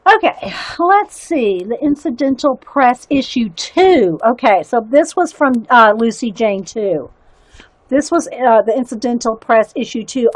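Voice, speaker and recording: Woman host, high pitch, dry close sound, chatty and giggly, halting when reading aloud. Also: no room sound. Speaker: livestream host showing zines. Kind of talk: casual livestream chat and reading aloud.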